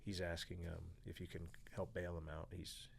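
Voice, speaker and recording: A man's voice: low-pitched, flat delivery, normal speed, vocal fry, a little hiss or hum. A man in his forties from California, a podcast guest telling a story with energy, acting out other people's lines and swearing freely. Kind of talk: storytelling interview.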